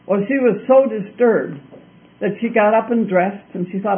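A man telling a fairy tale in a deliberate way, with a lot of repetition. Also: sits high. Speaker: storyteller. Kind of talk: told fairy-tale narration. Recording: tinny phone-like recording.

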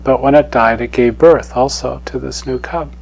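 A man giving a spiritual talk as a teacher, telling a parable in an unhurried, gently chuckling way. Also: mid-range voice, vocal fry, slightly rough, rough recording.

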